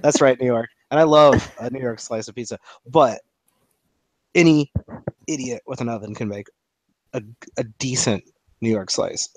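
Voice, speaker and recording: A man's voice: medium pitch, normal speed, pauses often, no room sound. Guy hosting a sports podcast, playfully indignant, dry mic. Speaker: podcast co-host. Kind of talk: casual sports chat.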